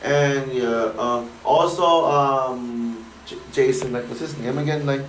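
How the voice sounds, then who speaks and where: A man's voice: medium pitch, slow. A man giving a casual spoken movie review, rambling, with many fillers and stutters. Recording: echoey room with faint noise.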